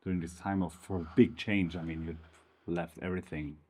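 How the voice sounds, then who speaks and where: A man interviewing a guest, asking gentle, soft-spoken questions. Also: deep voice, fairly even intonation, a little fast, husky. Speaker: interviewer, photographer.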